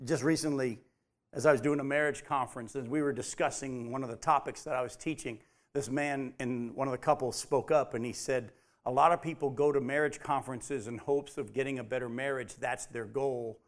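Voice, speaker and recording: A man's voice: medium pitch, steady tone, fairly quick. A man teaching a Bible study, emphatic, repeating his key points and putting questions to the group.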